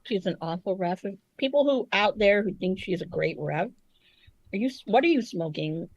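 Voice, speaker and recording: A woman co-hosting a podcast in a loose, animated way, cursing freely as she tells a story. Her pitch jumps up and down a lot. The recording is dry and close, with no room sound. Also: normal speed, dry recording, dull audio. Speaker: podcast co-host. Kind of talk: casual chat.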